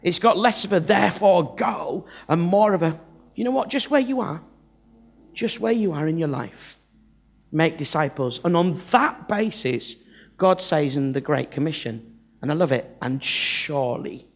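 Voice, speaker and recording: Man, preacher, high voice, gravelly, playful sermon. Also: lively intonation, moderate pace. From north of England. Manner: humorous, self-deprecating, acts out Bible characters. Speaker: visiting preacher.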